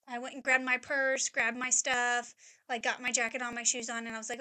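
High, bright-voiced woman telling stories. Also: little pitch movement, fast talker. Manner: rambling, chatty storyteller, heavy use of "like". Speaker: podcast co-host, mother. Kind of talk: casual chat, personal storytelling.

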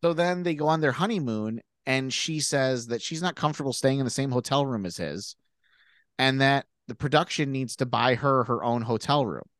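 A Canadian man in casual podcast chat, relating a story with quoted voices and blunt swearing. His pitch sits at an ordinary middle, and the sound is close and dry, with no room around it. He talks fast and loose. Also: no echo. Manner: animated storyteller, acts out quotes, swears freely. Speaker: podcast co-host. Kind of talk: casual chat, retelling a reality show.

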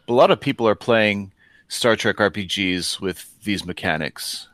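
Man, lowish voice, podcast game master, thoughtful, dead-dry sound. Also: moderate pace, a bit bright, no echo. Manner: thoughtful, with many restarts. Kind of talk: casual podcast discussion.

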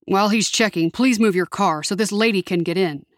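A woman voicing a polite, calm older male police officer. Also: mid-range voice, a little fast, dry recording, clean studio sound, close to an everyday voice.

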